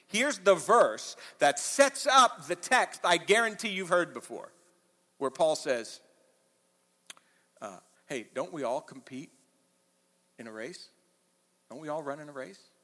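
Impassioned preacher in a reverberant hall. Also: male voice, a little high. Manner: animated preaching, swinging from quiet to loud. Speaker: pastor. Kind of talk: sermon. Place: church auditorium.

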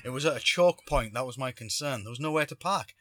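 A man's voice: medium pitch, expressive, quick pace, sharp tone, no echo, clean studio sound. A man hosting a podcast, telling a story casually and animatedly, acting out quotes. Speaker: podcast host.

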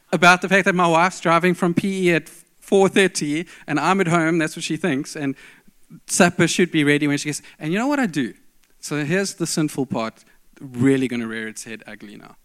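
A man telling a self-mocking story in a sermon, swinging between loud outbursts and hushed asides. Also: a little high, clear, resonant tone.

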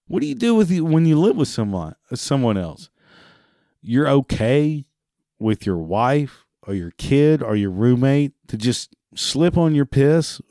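A man's voice: medium pitch, mellow, no room sound, clean studio sound. A man delivering a profane, exasperated monologue rant. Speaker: ranting commentator.

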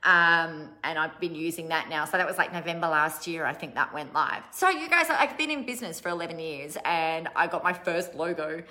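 Woman coach, bright voice, animated and blunt, casual swearing, self-deprecating. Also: low voice, brisk, few pauses. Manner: self-deprecating, laughs at herself. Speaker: business coach. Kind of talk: live motivational talk to an online audience.

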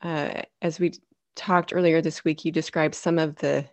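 Woman interview host, compassionate and reflective, very low voice, dry sound. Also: fairly even intonation, normal speed, no echo. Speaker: podcast host.

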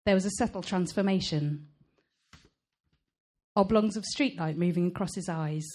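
A woman author reading her own novel aloud at a live event, measured and expressive. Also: lowish voice.

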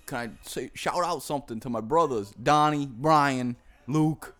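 A man's voice: mid-range voice, a little slow, a bit bright, soft background music, lightly acted. A man putting on the voice of a cocky, self-promoting middle-aged movie star who rambles and brags. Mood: boastful.

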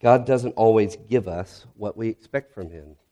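A male pastor giving an earnest, reflective sermon that grows quiet and soft in its heavier moments. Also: on the low side, moderate pace.

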